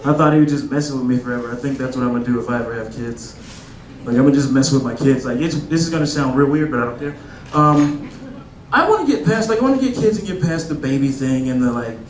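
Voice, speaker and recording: A man in his thirties performs a stand-up set in a club, his mid-range voice loose and conversational, full of fillers like "like," as he acts out voices in quotes. The roomy club sound carries slight background noise and the audience laughing.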